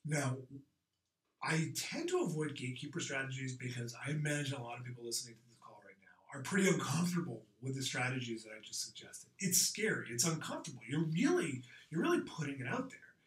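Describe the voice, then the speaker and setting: A man leads a sales coaching call. He speaks in a direct, punchy, conversational way, standing back from the mic in a roomy space that adds a clear echo. His pitch sits in an ordinary middle range. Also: sing-song, a little fast, far from the mic. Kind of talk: coaching talk on a group call.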